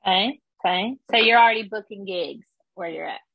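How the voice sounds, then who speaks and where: A young woman hosting a casual podcast chat, lively and teasing, laughing often. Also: medium pitch, brisk, creaky, breathy edge, dry recording. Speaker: podcast host. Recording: dull lo-fi audio.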